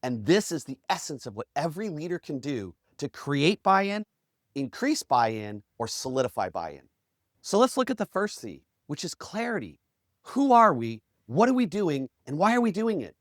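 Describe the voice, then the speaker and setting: A man with a fairly high voice tells a story with lively, swooping pitch, as a podcast host. He acts out each quote in a different voice. The sound is close and dry, with no room behind it. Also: moderate pace, no room sound. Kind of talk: motivational storytelling talk.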